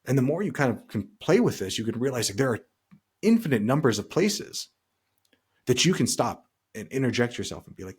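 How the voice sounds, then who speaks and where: A man's voice: medium pitch, big pitch swings, a little fast, a little mellow, breathy edge. A man co-hosting a podcast in casual chat, rambling and talking through hypothetical scenarios. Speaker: podcast co-host.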